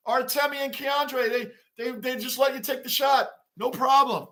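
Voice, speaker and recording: A bright, high-voiced man hosts a casual fan livestream. He talks straight to his chat, gets worked up and emotional about his team, and keeps a chummy tone with the regulars. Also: moderate pace, few pauses. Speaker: livestream host.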